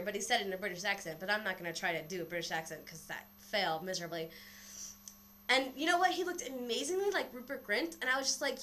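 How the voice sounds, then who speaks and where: A woman's voice: fairly high pitch, brisk. A young woman vlogging casually on her webcam, a little out of breath, rambling and swearing freely as she tells a story. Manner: rambling, animated, swears a lot. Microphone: built-in webcam mic.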